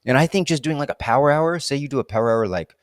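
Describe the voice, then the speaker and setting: A man's voice: medium pitch, quick pace, dry recording, studio quality. A man in a casual solo vlog, rambling through reflective questions and talking to himself in a playful, self-deprecating way while standing up to film. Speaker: vlogger answering reflective questions. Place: indoors, standing while filming.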